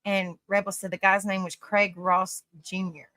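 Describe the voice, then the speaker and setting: Hosting a relaxed livestream, a woman reads comments aloud in a bright, forceful, medium-pitched voice at a moderate pace, laughing often, rambling with frequent restarts, and affectionately calling people honey and sweetie. The sound is close and dry, with no room echo.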